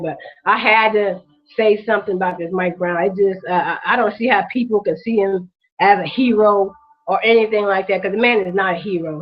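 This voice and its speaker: A mid-range female voice with the highs cut off. On her vlog, the host goes on an impassioned, profane and repetitive street-talk rant, emotions raw and tears held back.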